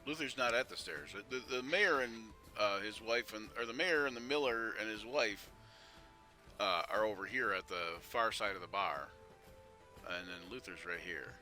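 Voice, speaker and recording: A man narrating a tabletop game as game master, talking in halting bursts with many restarts. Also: on the low side, pushed and bright, faint music behind.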